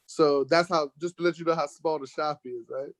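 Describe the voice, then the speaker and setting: An American man telling a lively road-trip story in casual conversation, getting worked up when he acts out arguments. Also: fairly high pitch, moderate pace, no room sound. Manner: animated storyteller, rising sharply when acting out arguments. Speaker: guest telling a travel story. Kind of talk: casual storytelling in an online talk show.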